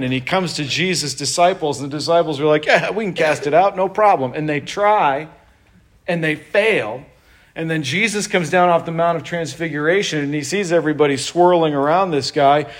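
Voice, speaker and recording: Middle-aged male pastor, slightly high voice, conversational sermon delivery, jokes with the room and acts out quotes. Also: a bit bright.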